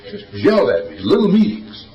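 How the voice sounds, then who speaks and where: A man's voice: mid-range voice, expressive, a little fast, echoey room, far from the mic, lo-fi sound. An older man speaking at a recovery meeting, telling stories in a folksy, wisecracking way. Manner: folksy, wisecracking, drawling storyteller. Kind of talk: storytelling talk at a recovery meeting.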